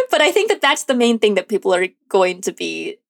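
A woman's voice: fairly high pitch, wildly swooping pitch, moderate pace, gravelly. A woman co-hosting a movie podcast in casual, chatty talk, laughing often. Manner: giggly, chatty, frequent laughs. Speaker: podcast co-host.

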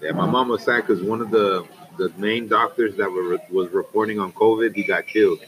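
A man co-hosting a casual podcast, animated and joking as he tells stories. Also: on the low side, normal speed. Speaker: podcast co-host. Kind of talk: casual chat. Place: restaurant. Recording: noisy restaurant crowd. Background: crowd chatter.

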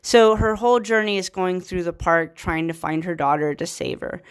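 A young woman, a writer, giving a casual spoken review of a TV series in a rambling, chatty way, full of "like" and "um" and quick laughs. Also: fairly low pitch, clean tone.

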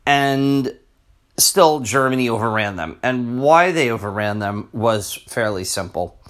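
A man hosting a casual history podcast, talking in a rambling, halting way with restarts and throat-clearing. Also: mid-range voice, expressive, fairly bright tone. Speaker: podcast host.

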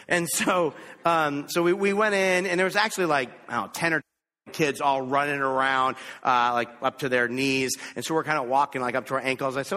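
A man preaching a sermon, telling a lively, self-mocking story about himself. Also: medium pitch, fairly quick. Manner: animated, self-mocking anecdote. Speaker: pastor. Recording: echoey hall.

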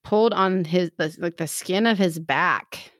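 Woman, casual chat, animated storytelling, dry close sound. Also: lowish voice, unhurried, no echo. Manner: animated storytelling, acts out quotes.

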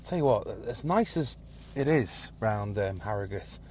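Somewhat low and a little mellow, this man's voice is animated yet measured in pace as he hosts a podcast in one take from his car. He rambles and grumbles through traffic, swearing casually and giving a phlegmy cough, while the road and car can be heard behind him.

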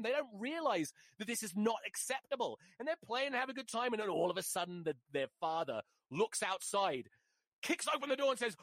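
A man's voice: extremely high pitch, no room sound. Male podcast host, swears constantly, voice leaps up and down, dry close mic. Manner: profane, animated storytelling. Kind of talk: solo podcast rant.

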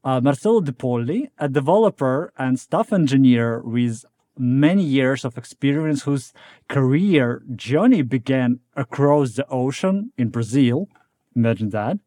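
A man hosts a tech podcast with a mellow, relaxed voice. He is chatty and laughs often as he leads the talk. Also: mid-range voice, measured pace. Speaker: podcast co-host. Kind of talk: podcast hosting.

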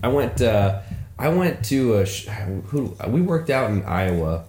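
Animated storytelling man, roomy sound. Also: medium pitch, unhurried. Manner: animated, swearing, acts out quotes in raised voice. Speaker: podcast co-host. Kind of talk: casual storytelling chat. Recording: roomy echo.

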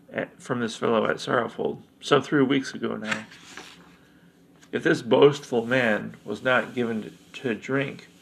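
A man's voice: mid-range voice, vocal fry, breathy edge. A man reading as a chilled, uneasy mayor. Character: cold nervous older male mayor.

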